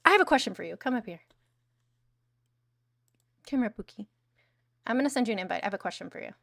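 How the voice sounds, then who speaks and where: A woman's voice: mid-range voice, lively intonation, fast talker, gravelly, a bit bright, no room sound, clean studio sound. A young adult woman hosting a casual news commentary livestream, blunt and sarcastic, swearing freely. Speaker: livestream host.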